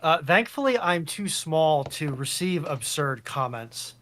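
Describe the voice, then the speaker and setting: A man's voice: fairly high pitch, sing-song, unhurried, a bit bright. A man chatting modestly as a guest on a live stream, in an understated way. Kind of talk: casual stream chat.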